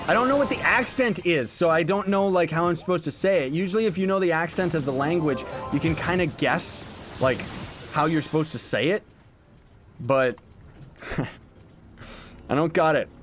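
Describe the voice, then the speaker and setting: Young man streaming games, playful. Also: on the high side. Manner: playful, joking, answers chat questions aloud. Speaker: game streamer. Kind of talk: casual livestream chat. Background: game background music.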